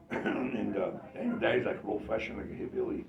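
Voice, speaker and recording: A man telling family stories in an animated way, laughing and acting out what others said. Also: fairly low pitch, moderate pace, crowd noise. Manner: animated, laughing, acts out quotes. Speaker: storyteller. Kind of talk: family storytelling. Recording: far, echoey, muffled and noisy.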